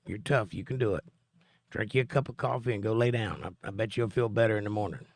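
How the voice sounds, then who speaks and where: A man's voice: on the low side, fast talker. Chatty man reading live chat. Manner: joking, chatty, answers chat directly. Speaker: live stream host. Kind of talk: casual chat, reading viewer comments aloud.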